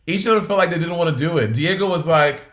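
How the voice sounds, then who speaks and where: A man's voice: fairly high pitch, fast, fairly bright tone. A man co-hosting a podcast in casual chat, blunt and profane, laughing often. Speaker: podcast co-host.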